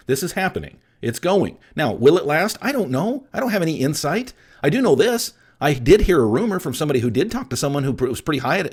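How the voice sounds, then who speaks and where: A man's voice: medium pitch, darkish tone. A middle-aged man hosting a solo podcast, emphatic and blunt, speaking straight to his listeners. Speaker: podcast host and appraisal coach.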